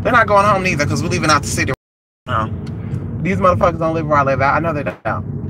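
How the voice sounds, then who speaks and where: Man, fairly high voice, casual profane live-stream chatter, road noise behind. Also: fast. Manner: profane, chatty, reads out viewer comments. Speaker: vlogger.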